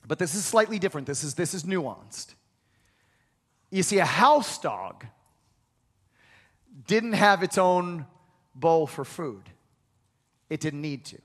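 A man's voice: fairly high pitch, a bit bright. A male pastor delivering an emphatic, repetitive sermon in a church and leading the congregation in call-and-response. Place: church sanctuary. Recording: long reverb of a large hall.

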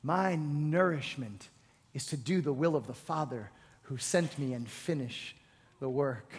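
A male preacher voicing Jesus, speaking slowly, softly and with quiet authority. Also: mid-range voice, slightly rough, big-room sound, pitched below the performer's own voice. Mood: measured. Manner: slow, measured, soft.

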